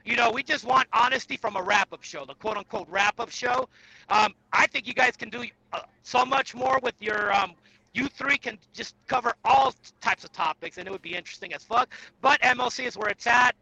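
A man calling in to a podcast, hyped and swearing, whooping shoutouts over a poor call connection. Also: very high voice, a little fast, gravelly, breathy edge, dull audio. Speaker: caller. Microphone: phone or video call. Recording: bad call-in line.

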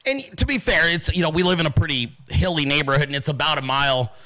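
A man's voice: on the high side, quick pace, bright, forceful tone, rough recording. A man hosting a podcast, ranting profanely in casual political commentary and calling his listeners dude and guys. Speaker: podcast host.

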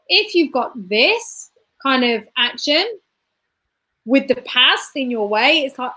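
A woman's voice: sits high, animated, a little slow, pushed and bright. A woman, a guest giving a motivational talk, repeating phrases emphatically and punching points with sound effects.

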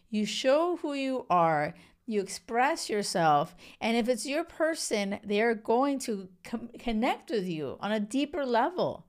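A woman's voice: a little high, sing-song, takes it slowly. A woman hosting a solo podcast as a relationship coach, speaking frankly and candidly in casual talk. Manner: frank, candid, mixes in swearing and laughs.

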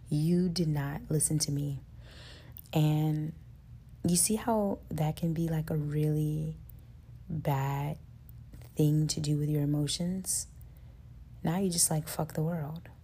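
Low, gravelly woman podcast host. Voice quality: says her voice is high-pitched and gets loud with passion. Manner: earnest, conversational, lots of fillers like "like" and "you know". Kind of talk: casual self-help monologue.

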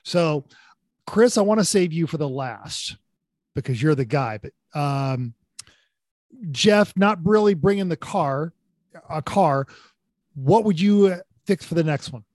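A man's voice: on the high side, expressive, a little slow, pauses often, darkish tone, dry recording. A man hosting a casual podcast chat, teasing his co-hosts and steering the talk. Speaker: podcast host. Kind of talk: casual chat, leads the discussion.

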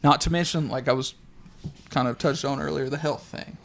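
A man's voice: medium pitch, steady tone, moderate pace, vocal fry, a bit bright. A man co-hosting a casual racing podcast, talking enthusiastically and giving strong opinions. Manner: enthusiastic, opinionated, laughs easily. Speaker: podcast co-host. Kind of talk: casual chat. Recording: faint background noise.

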